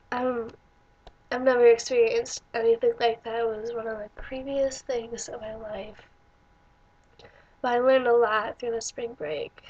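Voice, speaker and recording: A woman's voice: a little high, darkish tone, husky. Chatty young woman, lo-fi audio. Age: young adult. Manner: chatty, rambling, many fillers and restarts. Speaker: vlogger. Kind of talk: casual storytelling vlog.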